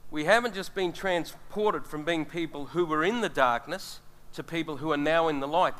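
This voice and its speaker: A man's voice: fairly high pitch, a bit bright. A middle-aged man preaching a sermon, earnest and speaking straight to his congregation. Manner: earnest, addresses the congregation directly.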